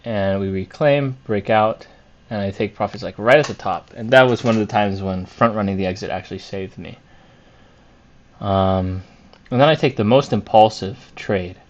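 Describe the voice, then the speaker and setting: Going over his week's trades on a screen share, this fairly low-voiced man is frank and hard on himself about where he went wrong. His reasoning comes out loud, peppered with fillers and false starts. The audio is muffled and low-fidelity.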